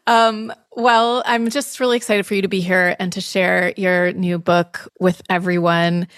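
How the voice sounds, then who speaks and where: A woman's voice: fairly low pitch, level tone, unhurried, no room sound, studio quality. A woman hosting a podcast interview, effusive and enthusiastic with her guest. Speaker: podcast host.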